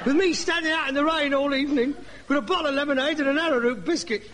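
Melodramatic whining grown son. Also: male voice, sits high, very animated, moderate pace, very noisy. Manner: theatrical, whining, self-dramatizing. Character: melodramatic hypochondriac grown son, pompous and whiny. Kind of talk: sitcom acting.

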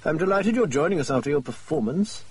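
A man voicing a confident, brisk Victorian male detective who lectures on his deductions. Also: fairly high pitch, expressive, a little mellow, voice pushed up. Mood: welcoming. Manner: crisp, lecturing, quick to explain his deductions.

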